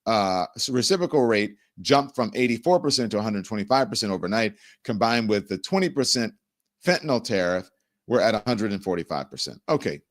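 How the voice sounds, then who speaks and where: A middle-aged man hosting a live-stream talk show, animated and sarcastic, often mimicking the people he talks about. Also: fairly low pitch, brisk. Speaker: host.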